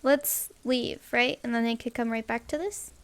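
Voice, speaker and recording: A woman's voice: fairly high pitch, steady tone, normal speed. A young woman streaming a game, reading its text aloud and breaking off to react with squeals and laughter. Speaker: gameplay streamer.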